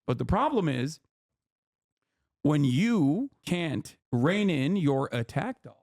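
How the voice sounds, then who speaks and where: A man's voice: a little high, very animated, takes it slowly, a little mellow. Heated, profane man explaining politics. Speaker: streamer.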